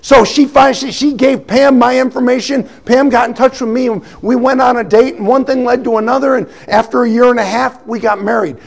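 A man giving a personal testimony, telling his story with animated storytelling and acting out the voices of the people he quotes. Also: very high-pitched, fairly quick, creaky, hardly any pauses. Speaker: testimony speaker.

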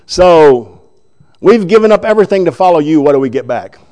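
A man's voice: a little high, lively intonation, a little fast, darkish tone, lightly acted. Brash blurting Simon Peter, as a man puts him on. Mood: blunt. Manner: blurting, blunt. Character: Simon Peter, brash impulsive adult male disciple.

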